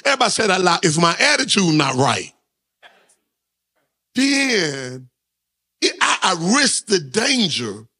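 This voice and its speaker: High-voiced pastor guy preaching, slightly raspy, keeps asking the church to say it back. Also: pushed and bright. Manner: call-and-response preaching, asks congregation to repeat lines. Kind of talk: sermon.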